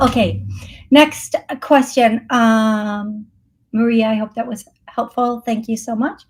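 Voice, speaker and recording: A woman's voice: a little high, steady tone, takes it slowly. A woman hosting a live psychic call-in show, chatting through readings with frequent laughs and fillers. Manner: chatty, laughs often, thinks aloud with fillers. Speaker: psychic medium host.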